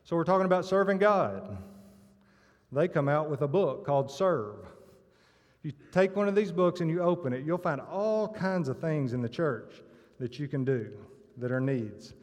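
A man speaks from the front of a church, telling stories and acting out their punchlines. His voice sits a little high for a man. The sound carries a long reverb from the hall. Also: lively intonation, moderate pace. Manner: storytelling with acted punchlines. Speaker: church member giving testimony. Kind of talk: sermon-style church talk. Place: church sanctuary.

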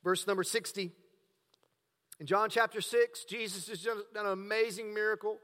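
A man preaching a sermon as pastor, swinging between hushed, drawn-out words and emphatic, raised passages. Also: high-pitched, steady tone, big-room sound.

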